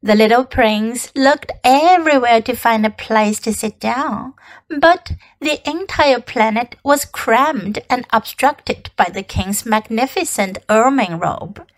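A woman teacher narrating a storybook aloud, reading clearly and deliberately. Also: fairly high pitch, low-quality recording. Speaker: English teacher.

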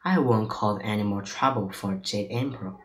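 A man's voice: fairly low pitch, fairly bright tone, natural voice. A man doing a boastful monkey spirit. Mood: calm. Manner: boastful and quick-tempered. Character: brash proud male monkey spirit.

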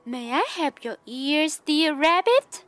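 A woman voicing a gullible, silly female goose in a children's picture book, with high gasping exclamations. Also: slow, fairly bright tone, faint music behind. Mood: fretful. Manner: high, breathy gasps and fretful exclamations.

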